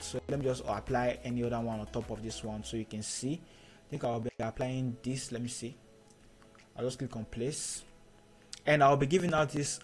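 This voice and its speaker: In this screen-recorded photo editing tutorial, a man speaks at a medium pitch. His instructions come steadily, step by step, with key points repeated.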